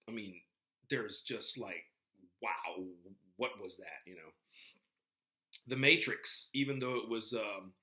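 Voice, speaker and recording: A man's voice: lowish voice, bright, forceful tone. Rambling man giving a class talk. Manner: rambling, many fillers and restarts. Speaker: lecturer. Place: classroom with a board.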